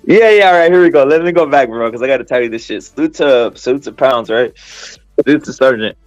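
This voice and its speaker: A man's voice: mid-range voice, fairly quick, no room sound, soft background music, rough recording. A man hosting a podcast, telling a story in a rambling, profane, casual way with lots of laughter. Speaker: podcast host.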